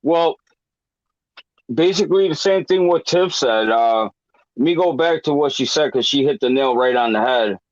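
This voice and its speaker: A man's voice: mid-range voice, normal speed, no room sound, muffled recording. A man chatting casually on a podcast in an easygoing way, using many fillers.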